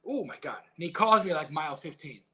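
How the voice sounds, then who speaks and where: A middle-aged former heavyweight boxer, appearing as a guest, tells stories in a casual interview. His voice is fairly high, bright and forceful, and he speaks briskly, animated and emotional, swearing freely.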